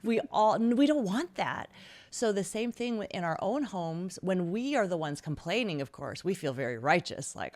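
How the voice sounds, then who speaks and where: A middle-aged woman, a guest author, chatting in an interview and acting out lively stories with quoted voices. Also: fairly low pitch, normal speed. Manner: animated storyteller acting out quotes. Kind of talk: casual interview chat.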